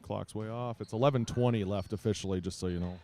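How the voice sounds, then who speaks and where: A man with a lowish, mellow voice calls a school basketball game in a relaxed, chatty way, tossing in asides between plays. Faint gym sounds and bouncing balls sit behind him. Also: fast, a little hiss or hum. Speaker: play-by-play announcer for a school team. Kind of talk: casual sports commentary.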